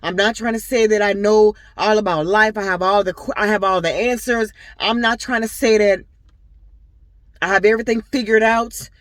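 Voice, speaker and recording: A woman's voice: medium pitch, steady tone, normal speed, no echo. A young woman vlogging in a casual, rambling way, speaking directly to her viewers. Her voice sits in a middle range. The sound is dry and close. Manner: rambling, earnest storytelling with many fillers; talks straight to her viewers. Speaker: vlogger and boutique owner. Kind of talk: casual personal vlog talk.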